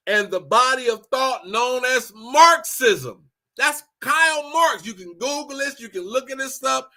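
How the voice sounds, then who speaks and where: A man from Los Angeles talking straight to his audience in a blunt, profane, animated rant full of repeated phrases. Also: very high-pitched. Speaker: commentator. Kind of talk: casual political rant.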